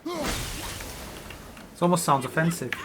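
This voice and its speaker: Male let's-play host, slightly high voice, joking rambling commentary, home gaming setup, faint background noise. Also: huge pitch swings, takes it slowly. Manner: joking, rambling riffs on a word. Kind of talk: casual gameplay commentary.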